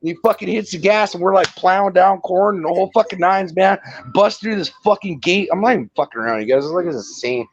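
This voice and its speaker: A man's voice: sits high, fast, dull audio, slight background noise. A man telling a long rambling story in casual chat, swearing and laughing often.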